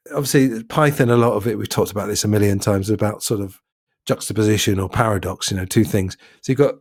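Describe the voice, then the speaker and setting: A man's voice: fairly low pitch, darkish tone, no room sound, studio quality. A man from southern England co-hosting a podcast, chatting casually about a film in a thoughtful way and laughing often. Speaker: podcast co-host.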